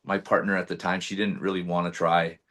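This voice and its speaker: A man, a podcast guest, telling a personal story in casual chat. He is animated, swears freely and acts out his own past lines. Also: low voice, brisk.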